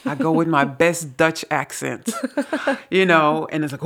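A woman co-hosts a casual podcast conversation and tells her stories with lively energy. She acts out what other people said and laughs often as she goes, and her pitch rises and falls a lot. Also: moderate pace. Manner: animated storyteller, laughs often, acts out quotes. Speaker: podcast co-host.

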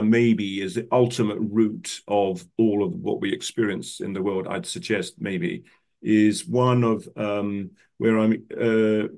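A man's voice: lowish voice, a little mellow. An older man hosting a podcast, asking long, rambling questions and searching for his words. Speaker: podcast host, coach. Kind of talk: conversational interview questions.

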